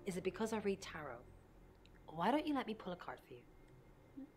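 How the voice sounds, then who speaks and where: An actress voicing a cryptic woman who reads tarot cards in a video game, speaking in a measured, knowing way. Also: medium pitch, big pitch swings, darkish tone, breathy edge, faint music behind.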